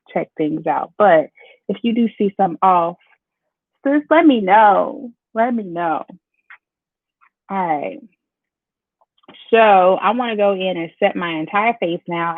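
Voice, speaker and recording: Walking her viewers through a live makeup tutorial, a Chicago beauty vlogger keeps things chatty and addresses them directly as "y'all." She speaks at medium pitch with a creaky quality, captured in a dry, tinny, phone-like recording.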